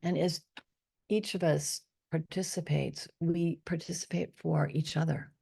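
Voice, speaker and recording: A woman leading a guided meditation, speaking softly and slowly and often slipping into a whisper. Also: sits low, steady tone, creaky, breathy edge. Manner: slow, soft and drifting, often dropping to a whisper on affirmations. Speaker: spiritual teacher leading a meditation.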